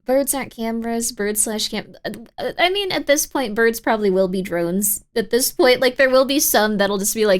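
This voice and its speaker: A woman's voice: on the high side, normal speed. A young woman hosting a live stream, chatting casually and reading viewer messages in a bubbly, rambling way full of fillers. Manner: bubbly and rambling, filler-heavy with frequent 'like'. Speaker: livestream host.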